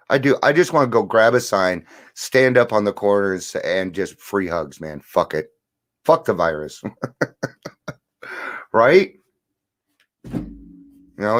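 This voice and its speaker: Man, fairly low voice, recovery livestream host, casual spiritual talk, earnest, loose. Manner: earnest, loose and swearing, laughing often.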